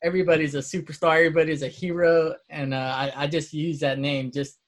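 A man's voice: fairly high pitch, flat delivery, fast talker. A man hosting a podcast, politely thanking his guest and wrapping up. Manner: polite, appreciative. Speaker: podcast host. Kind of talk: interview wrap-up.

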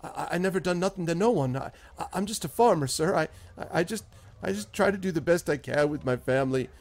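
A man's voice: mid-range voice, a little fast, a little mellow, close to an everyday voice. A man doing a stammering, grief-struck farmer. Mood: pleading. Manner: stammering, repeats words, rural grammar. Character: grieving stammering male farmer, humble, desperate.

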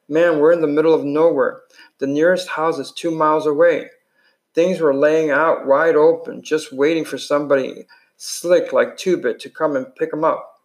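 A man reading a novel chapter aloud, unpolished, with slips and restarts. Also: fairly high pitch. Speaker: reader.

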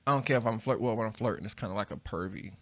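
A man's voice: fairly low pitch, racing, fairly bright tone. A young man co-hosting a podcast, laid-back and articulate, chatting casually and swearing freely. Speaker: podcast co-host.

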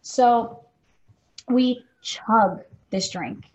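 This podcast co-host is a woman in her twenties with a voice on the high side, speaking very slowly over a rough recording. She tells a story casually and chattily, saying "like" constantly.

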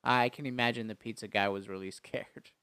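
Animated man retelling a movie, smooth clear voice. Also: lowish voice, a little fast, no room sound, clean studio sound. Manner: animated retelling, acts out lines, laughs often. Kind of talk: casual chat recapping a movie.

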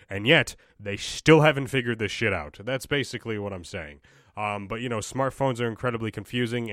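A young man ranting on his own podcast, swearing freely and restarting sentences in exasperation. His voice sits fairly low. The recording is dry and close. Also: a bit bright, no echo. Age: young adult. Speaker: podcast host. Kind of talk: casual ranting solo podcast.

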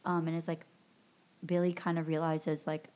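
A woman's voice: low voice, flat delivery, moderate pace, dark tone. A woman podcast host casually retelling a movie plot, rambling with lots of fillers. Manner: rambling recap full of fillers and "like". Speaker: podcast host recapping a film. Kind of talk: casual chat.

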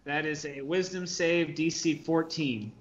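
Man, high bright voice, playful tabletop player, dull lo-fi sound. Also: steady tone, unhurried, a little hiss or hum. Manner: playful, joking in character. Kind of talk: casual tabletop role-play. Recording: muffled lo-fi audio.

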